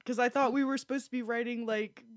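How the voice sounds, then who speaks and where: A woman's voice: on the high side, steady tone, fast talker. A woman podcast co-host banters casually, teasing her partner and laughing easily.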